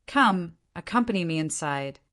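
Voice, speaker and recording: A woman's voice: on the low side, expressive, moderate pace, a bit bright. A woman voicing an ancient male cauldron spirit who talks in a hearty, easygoing, commanding way.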